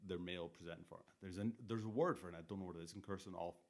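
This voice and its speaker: A man's voice: low voice, steady tone, racing. A man co-hosting a podcast in casual, sweary, rambling chat, self-deprecating about his own wrestling.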